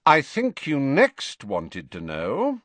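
A man voicing a composed wizard spy who speaks in a calm, bored, measured manner. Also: medium pitch, no room sound, pitched above the performer's own voice, heavily acted. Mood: cold calm.

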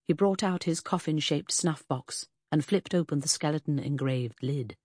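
A woman narrating a first-person audiobook in a measured, expressive way. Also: low-pitched, dry recording, clean studio sound.

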